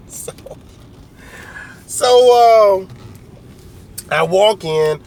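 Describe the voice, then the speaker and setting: Rambling, joking man, higher voice. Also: lively intonation, a little slow, slight background noise. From United States. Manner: rambling, slangy, jokey, acts out other people's lines. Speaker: vlogger. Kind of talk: casual storytelling monologue.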